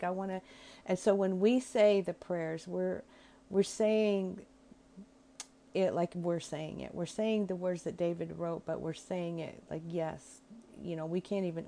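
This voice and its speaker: Gentle, reflective woman with a mellow voice. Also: on the low side. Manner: gentle, reflective, searching for words. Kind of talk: informal talk on prayer.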